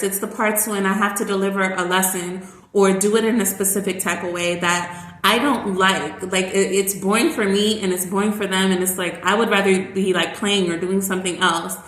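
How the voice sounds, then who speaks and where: A woman who works as a teacher, talking in a casual, rambling vlog monologue full of fillers and lively asides. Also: medium pitch, moderate pace. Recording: roomy echo.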